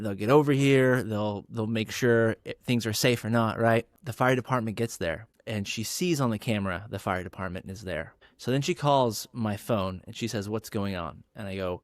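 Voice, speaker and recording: A male pharmacist guest telling a story in an animated, casual way and acting out the people in it. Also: dry recording, clean studio sound. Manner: animated, acts out quotes with big pitch jumps.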